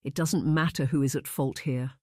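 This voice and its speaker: A narrator voicing a careful, pragmatic middle-aged gentleman in a period audiobook. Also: mid-range voice, fairly even intonation, dry recording, studio quality, lightly acted. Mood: measured. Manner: careful, measured, quiet. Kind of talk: audiobook character voice.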